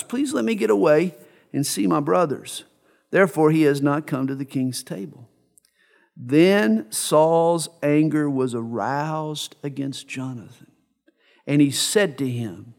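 A man preaching a sermon, reading scripture aloud and then explaining it in plain talk with wry jokes. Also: on the high side. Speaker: pastor. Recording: echoey hall with long reverb.

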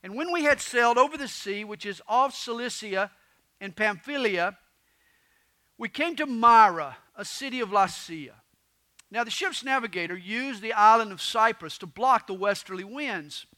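Middle-aged male pastor, high bright voice, lively verse-by-verse Bible teacher with a storyteller's flair. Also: normal speed. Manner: lively storytelling, reciting a rhyming poem with gusto.

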